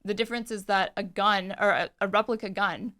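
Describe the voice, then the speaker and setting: A woman's voice: mid-range voice, fairly even intonation, fairly quick, bright, forceful tone. A woman guest on a podcast, debating and pressing her case with probing hypothetical questions. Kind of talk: heated debate.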